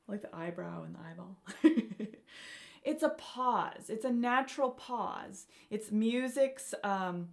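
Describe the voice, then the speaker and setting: A woman's voice: mid-range voice, vocal fry. A woman teaching a beginner piano lesson, speaking encouragingly and often checking in with "okay?" and "right?".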